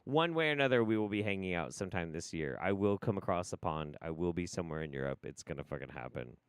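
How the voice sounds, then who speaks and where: Male stream host, low voice, swings his pitch a lot, swears freely, dry sound. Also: quick pace, smooth, no echo. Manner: animated, profane, rambling. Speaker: livestream host. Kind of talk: livestream commentary.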